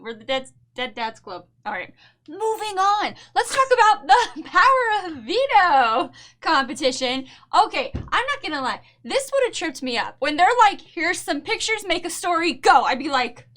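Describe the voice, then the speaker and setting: Bubbly high-voiced woman, lively chat. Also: moderate pace. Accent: New Jersey. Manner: bubbly, laughs often, animated. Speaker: podcast co-host. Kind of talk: casual chat recap.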